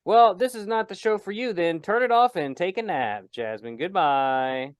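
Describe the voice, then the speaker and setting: A man hosts a casual podcast chat in a smooth, even-toned voice. He teases his co-host and rambles through his points with plenty of fillers. The sound is dry and close, with no room around it. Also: high-pitched, moderate pace, dry recording. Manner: joking, teasing, rambling with fillers.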